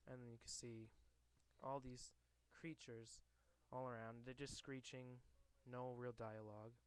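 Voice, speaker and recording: A man's voice: medium pitch, flat delivery, a little slow, smooth. A man casually reading a comic book aloud to a camera, hesitant with many fillers and restarts.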